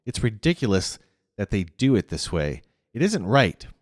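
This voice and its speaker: A man's voice: fairly low pitch, very animated, moderate pace, no room sound, clean studio sound, long reverb tail. A man voicing a cranky, sulking little girl who snaps and sneers in a storybook reading. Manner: snappish, sneering.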